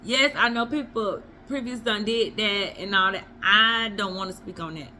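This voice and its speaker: A woman's voice: medium pitch, moderate pace, pushed and bright, slight background noise. A woman vlogger giving blunt, emphatic relationship advice in a casual monologue. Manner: blunt, emphatic, repeats herself for effect.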